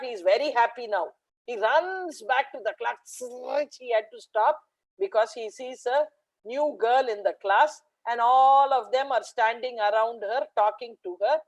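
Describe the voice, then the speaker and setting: A woman, a math educator telling a lively story to teachers in a video call webinar. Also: a little high, unhurried, poor audio. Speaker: guest speaker, math educator.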